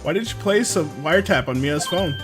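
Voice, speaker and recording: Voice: mid-range voice, lively intonation, brisk, over music, natural voice. A streamer reading game dialogue aloud, voicing an earnest young male defense lawyer who questions politely and a bit hesitantly. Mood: questioning.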